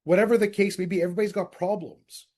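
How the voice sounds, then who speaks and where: Casting: energetic man, mid-high voice with a dark, mellow tone, leading a sales coaching session. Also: fast. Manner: direct, energetic, addresses group as guys. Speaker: real estate sales coach.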